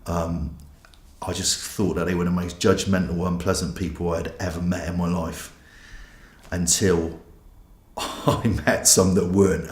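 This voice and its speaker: A man's voice: low-pitched, reverberant. A man, a pastor giving a candid, self-mocking personal testimony. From England.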